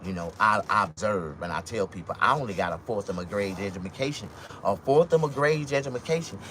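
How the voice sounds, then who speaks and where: A man's voice: fairly low pitch, lively intonation, a little fast, pushed and bright, a little hiss or hum. A man delivering a blunt, profane, casual monologue rant as a vlogger, telling stories along the way.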